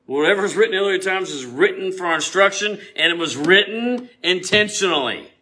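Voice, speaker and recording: Man, casual preacher, bright tone, chatty with frequent laughs, gets loud on scripture. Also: sits high, lively intonation, a little fast. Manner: conversational, chatty, rising to loud emphasis when quoting scripture; laughs often and uses many fillers and restarts. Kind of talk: informal sermon.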